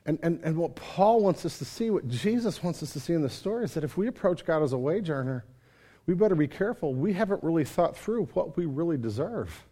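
Animated male pastor with a slightly high voice. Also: brisk. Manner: conversational, asks the congregation questions; animated, acts out his own complaints to God. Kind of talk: sermon. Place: church service.

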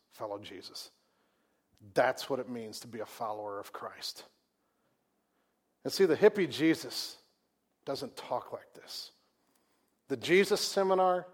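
Male pastor, mid-pitched, conversational preacher with loud, emphatic peaks and hushed drops. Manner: conversational, repeats words and restarts. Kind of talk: sermon.

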